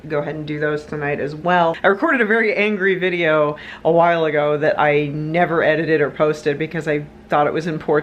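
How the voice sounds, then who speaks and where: Lying on the floor indoors at home, a young vlogger talks casually to her viewers in a deep voice, with a little hiss or hum in the recording. She chats and rambles, occasionally sounding frustrated.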